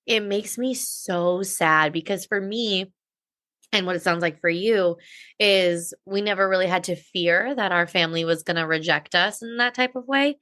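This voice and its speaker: A woman's voice: on the low side, normal speed, pushed and bright, no room sound, studio quality. A woman co-hosting a podcast, sharing candid personal stories in a casual, open way. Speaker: podcast co-host.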